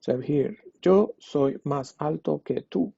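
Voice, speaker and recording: A man's voice: on the high side, moderate pace, gravelly, mellow, husky, no room sound. A man teaching a language lesson online, explaining step by step and translating each example. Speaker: Spanish teacher. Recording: dull lo-fi dry recording.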